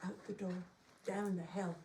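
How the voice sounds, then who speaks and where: A woman telling a folk tale to a live audience, lively and laughing often as she acts out the voices. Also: medium pitch, normal speed, slight background noise. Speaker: storyteller. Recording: roomy, from a distance, faint ambience.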